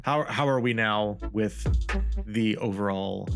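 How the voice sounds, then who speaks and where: A man with a fairly low, gravelly voice takes his time as he streams from home, chatting casually and repeating silly test phrases while tweaking his mic settings. He uses a studio desk mic, with music playing in the background.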